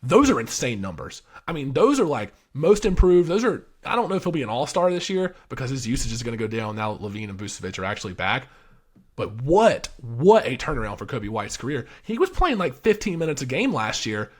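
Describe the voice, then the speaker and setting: A man's voice: medium pitch, sing-song, brisk. A man co-hosting a casual basketball podcast, enthusiastic and rattling off player stats. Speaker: podcast co-host. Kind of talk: casual sports talk.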